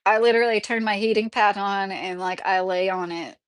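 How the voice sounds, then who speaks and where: A woman's voice: mid-range voice, fairly even intonation, brisk, smooth, dry recording. A woman in her thirties from Kentucky, chatting casually on a livestream and reading viewer comments, rambling and laughing often. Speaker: livestream host.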